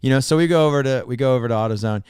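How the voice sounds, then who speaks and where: Smooth-voiced man telling a rambling story. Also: medium pitch, rapid-fire, dry recording, studio quality. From Oregon, United States. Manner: rambling, animated storytelling with many restarts. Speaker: podcast co-host, pastor. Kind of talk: casual storytelling chat.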